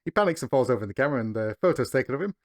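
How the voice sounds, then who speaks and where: A man's voice: mid-range voice, animated, racing. A man co-hosting a podcast, recapping a cartoon episode in casual chat and chuckling between beats.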